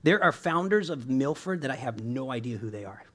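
A man's voice: mid-range voice, animated, fairly quick, fairly bright tone. A man preaching a sermon in a casual, conversational way, often checking in with "right?" and laughing along with his listeners. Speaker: pastor.

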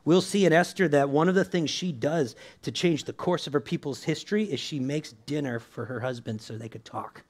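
A male pastor with a slightly raised pitch who preaches like he's chatting with friends. He leans on quick asides, small jokes and a constant "right?" to keep the room with him. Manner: conversational, keeps asking "right?", laughs often. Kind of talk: sermon.

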